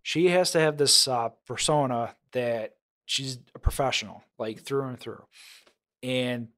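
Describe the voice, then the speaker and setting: A man co-hosting a podcast, explaining background in a steady, casual way. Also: mid-range voice, unhurried. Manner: steady explaining, agreeable backchannel. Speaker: podcast co-host. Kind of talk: casual chat.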